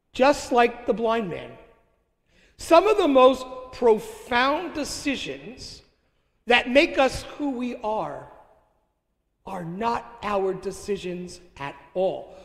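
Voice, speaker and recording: An older man, a priest, giving a homily with slow, deliberate delivery and reflective pauses. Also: sits high. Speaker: Catholic priest. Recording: long hall reverb.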